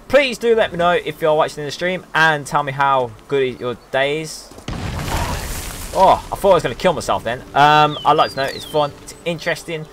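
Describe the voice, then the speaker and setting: A man's voice: on the high side, background noise. A young man from the UK giving casual let's-play commentary as a streamer, rambling and exclamatory with lots of ums. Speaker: gaming streamer.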